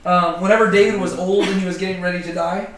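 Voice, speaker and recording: A man's voice: sits high, steady tone, quick pace, a little hiss or hum. A man leading a casual group Bible study, joking and filling his talk with ums and likes. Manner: chatty, joking, many fillers. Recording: roomy, distant mic.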